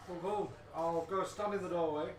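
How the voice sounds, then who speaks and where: A man's voice: high-pitched, steady tone, normal speed, crowd noise. Hesitant man far off in an echoey, busy room. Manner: hesitant, with frequent ums. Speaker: player. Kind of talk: casual tabletop game talk. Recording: echoey room from a distance, with people behind.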